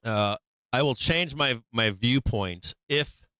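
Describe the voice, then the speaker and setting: A man's voice: medium pitch, slow pace, pushed and bright, clean tone, no room sound. A middle-aged man hosting a stock market livestream, rambling casually with lots of swearing and "like" fillers. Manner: rambling and profane, heavy on "like" fillers.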